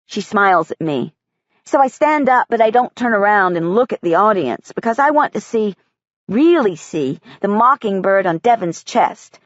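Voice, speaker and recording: A woman's voice: mid-range voice, lively intonation, no room sound, highs cut off. Woman narrating an audiobook, dry and close. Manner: measured, quiet child's-eye telling. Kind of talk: first-person audiobook narration.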